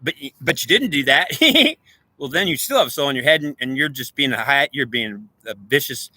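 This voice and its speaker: A man's voice: mid-range voice, animated, brisk, bright, forceful tone, dry recording. A man ranting in an agitated, preachy monologue, repeating himself and lecturing.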